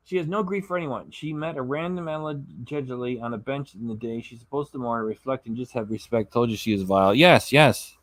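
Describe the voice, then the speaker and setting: A man hosts a live stream in a loose, chatty way, reading viewers' messages aloud and stumbling over names. He sounds tired and yawns now and then. His voice sits at an ordinary pitch and is recorded dry and close. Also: moderate pace, no room sound. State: tired, yawning. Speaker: reaction channel host reading live chat. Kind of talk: casual livestream chat.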